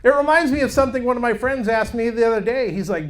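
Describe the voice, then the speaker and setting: A man's voice: very high-pitched, quick pace, hardly any pauses, a little hiss or hum. A man in his thirties doing a crude, brash stand-up set on a comedy club stage, acting out voices of his family.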